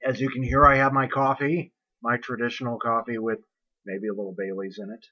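A man's voice: mid-range voice, level tone, brisk, bright, forceful tone. A man hosting a story show, introducing the next story with silly asides. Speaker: podcast host introducing stories. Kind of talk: casual chat. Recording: dull lo-fi recording.

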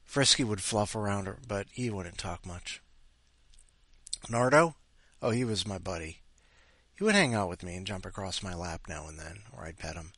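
Man, podcast host, rambling casual chat, very lively pitch, dry sound. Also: moderate pace, no room sound. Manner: rambling, playful, talks to his cat.

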